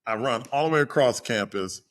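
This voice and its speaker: A man telling a personal story in a casual chat, acting out the people he quotes with lively shifts in voice. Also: mid-range voice, a little fast. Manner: animated, acts out quoted voices. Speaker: guest storyteller.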